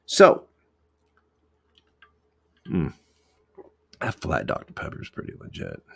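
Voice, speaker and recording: Deep-voiced cop rambling. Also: male voice, huge pitch swings, slow pace, vocal fry, slightly rough. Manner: rambling, profane, many restarts. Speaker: police officer. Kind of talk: casual podcast storytelling.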